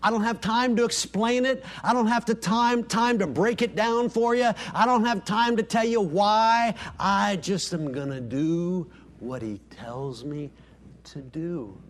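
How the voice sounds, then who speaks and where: A man preaching a sermon as pastor, acting out quoted dialogue and sinking to soft, hushed lines for emphasis. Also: a little slow. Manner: preaching, dropping to soft near-whispers on key lines; voices quoted dialogue with rising pitch.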